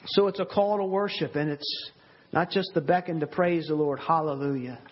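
A man delivers a sermon in an earnest, emphatic way, slowing to press on key words and repeating them for weight. His voice sits a little high and carries a husky edge. The recording sounds dull and lo-fi. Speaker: preacher.

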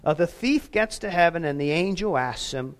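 A man's voice: on the high side, lively intonation, normal speed. A man preaching a sermon as pastor, talking in a conversational way with self-deprecating asides.

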